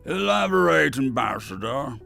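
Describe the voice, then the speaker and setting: A man's voice: medium pitch, sing-song, a little slow, creaky, sharp tone, soft background music, full character voice. A man doing a roaring alien council leader. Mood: stern, angry. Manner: roaring, demanding. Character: angry, imperious alien male council leader.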